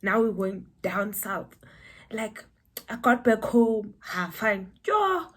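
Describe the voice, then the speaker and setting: A young South African woman telling a personal story to camera, animated and breaking into high exclamations. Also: takes it slowly. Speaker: vlogger.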